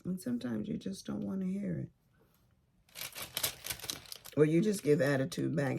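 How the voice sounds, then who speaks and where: A woman's voice: mid-range voice, animated, normal speed, creaky, pauses often, dark tone, a little hiss or hum. A woman chatting casually while she crafts, telling stories about her family and neighbors with sassy asides. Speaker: craft vlogger.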